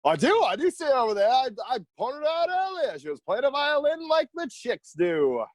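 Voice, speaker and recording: A man's voice: very high-pitched, very animated, normal speed, dry recording, studio quality. A man playing a chatty, boastful skinny hobgoblin in a tabletop game, teasing and rambling. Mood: playful. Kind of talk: tabletop role-play in character.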